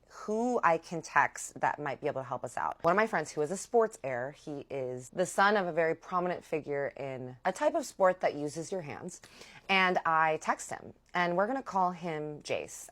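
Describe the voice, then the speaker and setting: Low-voiced young woman telling a story. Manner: animated retelling, acting out quoted dialogue. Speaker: vlogger. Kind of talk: storytime vlog.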